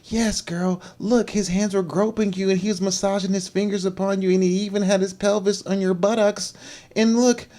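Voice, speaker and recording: A man putting on a high, shrill voice for a gossiping young woman friend, scandalized and insistent. She keeps repeating herself as she stirs things up. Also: flat delivery, normal speed, dark tone, close to an everyday voice. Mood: indignant.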